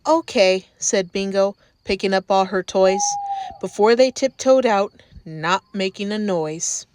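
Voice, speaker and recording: Slow, gentle woman reading a storybook. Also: mid-range voice, slight background noise. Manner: gentle, unhurried, sing-song rhyming delivery. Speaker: storybook reader in character persona. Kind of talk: storybook read-aloud.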